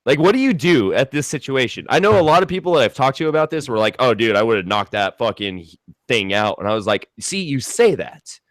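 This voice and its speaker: A young man casually telling a long story, rambling and swearing, with lots of fillers and animated retellings. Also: medium pitch, fairly quick, no room sound. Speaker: storyteller guest.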